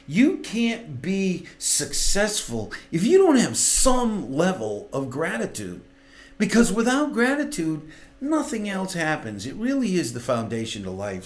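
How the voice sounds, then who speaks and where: A middle-aged man hosts a local talk show, speaking in a slightly high voice that rises and falls a great deal. He talks earnestly and casually, stumbling through restarts and fillers as he makes his point.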